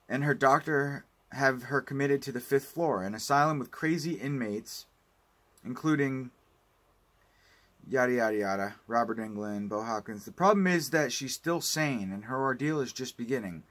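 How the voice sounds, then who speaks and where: A man's voice: medium pitch, lively intonation, normal speed, a bit bright. A man giving a casual unboxing review of home video releases, rambling and ranting with plenty of swearing. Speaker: home video collector vlogger.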